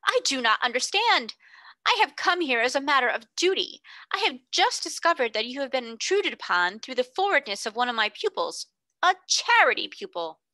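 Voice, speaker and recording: Casting: a woman doing a prim, indignant headmistress from a storybook, high, bright and sharp-edged, in a dry close recording. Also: very animated, normal speed, no echo, exaggerated voice. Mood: haughty. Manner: haughty, rigidly polite, shrill when shocked. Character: stern, indignant middle-aged schoolmistress. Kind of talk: audiobook character reading.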